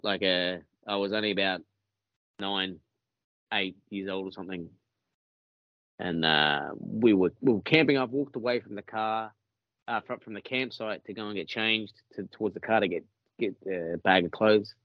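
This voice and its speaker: A man's voice: fairly low pitch, normal speed, no room sound, muffled recording. A man with an Australian accent telling a story in a casual podcast chat, rambling and swearing with many restarts.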